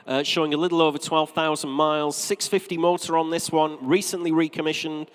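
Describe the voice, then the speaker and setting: A man from North East England with a light regional accent, calling bids at a live auction from the rostrum, with brisk repetitive patter and joking asides. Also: fairly high pitch, level tone, clear, resonant tone. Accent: North East English. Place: auction sale room, from the rostrum. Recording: long reverb of a large sale room.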